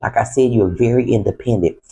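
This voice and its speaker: A man's voice: mid-range voice, fairly quick, husky, low-quality recording. A man giving a casual, conversational tarot reading, talking straight to his viewers. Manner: relaxed, conversational, speaks to viewers as "you" and "the collective". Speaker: tarot reader.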